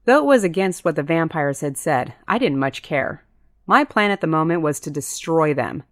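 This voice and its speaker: A woman's voice: expressive, moderate pace, no echo, studio quality. A woman reading a first-person story as an audiobook narrator, switching into character voices for dialogue. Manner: voices characters with pitch lifts.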